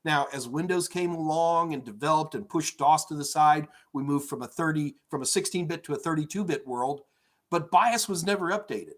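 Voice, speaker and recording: A middle-aged male tech instructor answers chat questions on a live stream from his home office. His voice sits a little on the high side, and his delivery is energetic, loose and full of fillers. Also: moderate pace. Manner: energetic, chatty, rambling with many fillers. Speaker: IT certification instructor.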